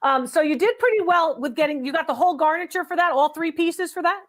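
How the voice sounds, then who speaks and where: High-voiced chatty woman appraiser. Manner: upbeat, chatty, quick appraisals with laughs. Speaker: antiques appraiser and host. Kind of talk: live video call-in appraisal show.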